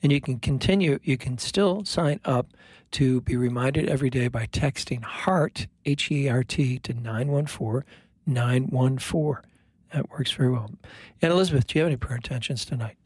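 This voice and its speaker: A man, a priest, hosting a radio prayer show and leading prayers in a calm, unhurried way. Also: mid-range voice, husky, no room sound.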